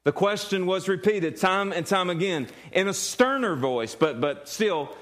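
A man's voice: high voice, expressive, a little slow, fairly bright tone. A male pastor preaching a sermon earnestly, often repeating words and putting questions to the congregation.

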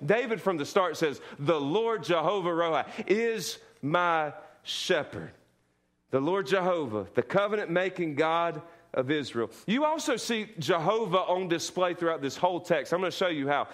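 High-voiced man preaching a sermon. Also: expressive, normal speed, a bit bright. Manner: repetitive emphatic preaching with call-and-response. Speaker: pastor.

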